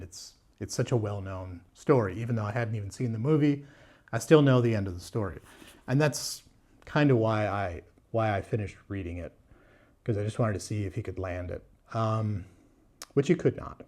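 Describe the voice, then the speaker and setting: A man's voice: on the low side, lively intonation, normal speed, a little mellow. A man talking casually to camera as a book vlogger, candid and blunt, with frequent fillers, restarts and wry laughs. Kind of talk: casual book review talk.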